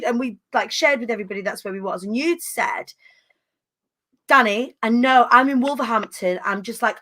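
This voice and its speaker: A woman's voice: a little high, a bit bright, slight background noise. A woman hosting a casual chat, effusive and colloquial. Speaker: host.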